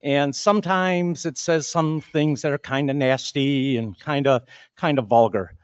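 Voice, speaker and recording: A man's voice: medium pitch, measured pace, smooth, dry recording, lo-fi sound, lightly acted. A man voicing a candid pet shop owner who stammers and hesitates as he explains a problem in a joke. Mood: confiding.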